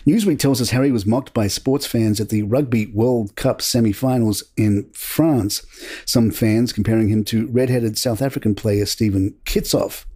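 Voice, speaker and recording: A man hosting a podcast, reading royal news headlines from a script in a measured, steady way. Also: medium pitch. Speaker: podcast host.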